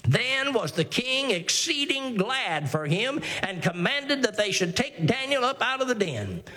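A man with a high voice preaches a sermon as a pastor. He talks earnestly, piling up repeated phrases and tripping into restarts. Now and then he reads old scripture aloud in formal wording. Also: big pitch swings, a little slow, bright, forceful tone.

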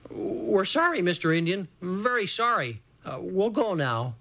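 Storybook figure: man putting on a chubby, eager boy, a bit higher pitch, urgent and hushed delivery. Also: big pitch swings, a little slow, creaky, no echo, full character voice. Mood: hushed excited.

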